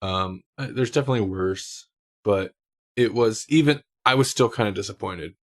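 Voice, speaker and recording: A man's voice: fairly low pitch, normal speed. A man co-hosting a podcast, chatting casually and laughing often. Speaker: podcast co-host. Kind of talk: casual chat.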